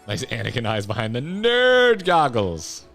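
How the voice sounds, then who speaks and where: A man's voice: mid-range voice, wildly swooping pitch, measured pace, creaky, a bit bright. A man streaming a video game, joking and muttering casual commentary. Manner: joking, mumbling asides, laughs often. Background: faint game music.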